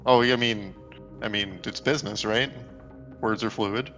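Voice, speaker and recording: A man playing a tabletop game, describing his character's moves in a relaxed, laid-back way. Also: fairly low pitch, a little slow, faint music behind. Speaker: player. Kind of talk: casual game chat.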